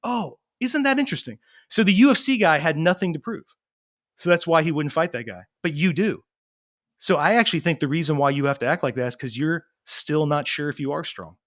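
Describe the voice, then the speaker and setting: Speaking briskly, this animated guest, a parenting coach in his thirties, spins stories in a relaxed interview. He imitates the people in each tale, and his voice is a touch high for a man.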